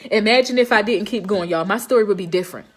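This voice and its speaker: A woman's voice: mid-range voice, quick pace, slightly rough. Blunt, profane woman. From Baltimore, Maryland. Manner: blunt, profane, emphatic, keeps asking if listeners understand. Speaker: live streamer and home health nurse. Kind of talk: motivational live-stream talk.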